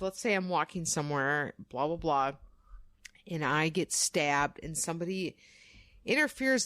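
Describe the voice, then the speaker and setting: A young woman co-hosting a podcast, telling a true crime story casually, animated and swearing, acting out quoted voices. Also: sits low, no echo. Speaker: podcast co-host.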